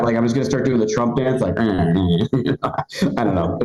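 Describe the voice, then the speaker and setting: A man's voice: mid-range voice, a little slow, a little mellow, echoey room, low-quality recording. A man in his forties doing a live stand-up set, chatty and rambling, full of fillers and restarts. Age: 40s. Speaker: stand-up comedian. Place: comedy club stage.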